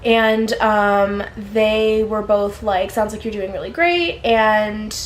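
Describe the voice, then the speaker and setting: A woman's voice: mid-range voice, takes it slowly, a little hiss or hum. A young woman telling a story straight to a camera on a tripod in her apartment, rambling with lots of fillers and restarts. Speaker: vlogger. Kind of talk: casual personal storytelling.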